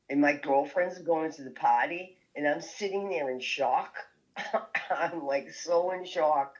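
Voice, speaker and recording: A woman telling a story as a podcast guest, lively and laughing often as she goes. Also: low voice, measured pace, poor audio.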